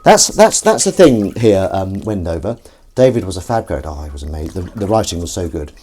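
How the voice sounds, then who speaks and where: Rambling live-stream host washing up, low voice with lively swings and soft kitchen clatter. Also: male voice, fairly quick, breathy edge. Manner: rambling, chatty, reads comments aloud. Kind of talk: casual chat while washing up. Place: kitchen at the sink. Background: clattering dishes and cutlery.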